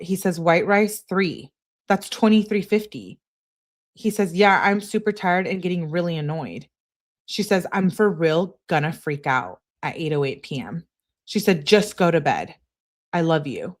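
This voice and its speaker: A woman hosting a true crime channel, reading text messages aloud in a plain way and spelling out abbreviations letter by letter. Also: lowish voice.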